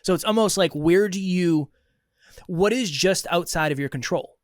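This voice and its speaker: A young adult man from Massachusetts, a podcast co-host, speaks in a high voice at normal speed during a casual chat. He's an animated storyteller who acts out quoted dialogue as he tells a story. The audio is studio quality with no echo.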